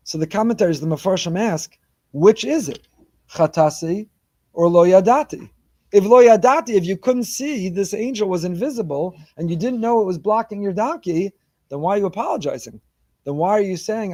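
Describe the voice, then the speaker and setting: A rabbi preaching with a fairly high, mellow voice in a dry, close sound. He delivers his sermon emphatically, rising and pressing on key points and mixing Hebrew terms into English. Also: expressive, fairly quick, no room sound.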